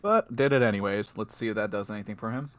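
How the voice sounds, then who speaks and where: A man's voice: fairly low pitch, fast talker, no room sound, rough recording. A young man chatting easygoingly with friends during a game stream, joking and swearing mildly. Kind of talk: casual gaming chat. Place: online voice chat.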